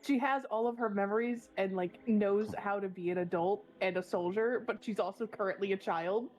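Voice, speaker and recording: A woman's voice: medium pitch, normal speed, a little mellow, slight background noise, low-quality recording. Chatty woman tabletop player. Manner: eager, chatty. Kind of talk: tabletop game chat.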